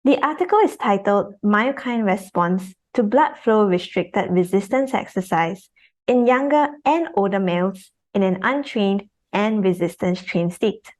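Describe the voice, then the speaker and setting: A young woman presents a scientific article on a webinar. She reads in a careful, formal way at a middle pitch, spelling out technical terms one by one over a computer mic. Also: a little slow. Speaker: research assistant presenting.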